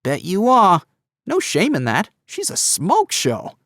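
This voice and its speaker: A man's voice: high voice, huge pitch swings, slow pace, a bit bright, no echo, studio quality, pitched above the performer's own voice, heavily acted. A man voicing a teasing, boisterous teenage boy in an audiobook, playful and needling. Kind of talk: audiobook character voice.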